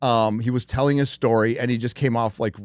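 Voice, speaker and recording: A man's voice: medium pitch, fairly even intonation, a little fast, no echo, clean studio sound. Rambling, profane male streamer host. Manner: rambling, profane, many fillers. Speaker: livestream show host. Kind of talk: casual chat.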